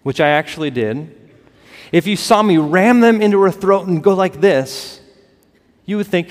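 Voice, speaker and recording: A man preaching a sermon as pastor, building to emphatic peaks and dropping to soft, quiet lines. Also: high voice, expressive, normal speed. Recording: long reverb of a large hall.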